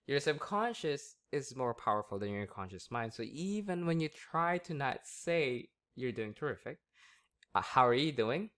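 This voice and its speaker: A male hypnotist who guides the listener in a slow, hushed patter. Between suggestions he turns chatty and laughs easily with his subject. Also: mid-range voice, expressive. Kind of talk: hypnosis session.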